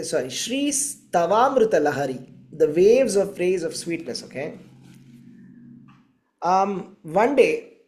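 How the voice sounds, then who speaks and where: A man's voice: high-pitched, a little mellow. A man giving a storytelling sermon in a conversational way, often checking in with his listeners. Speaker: spiritual teacher.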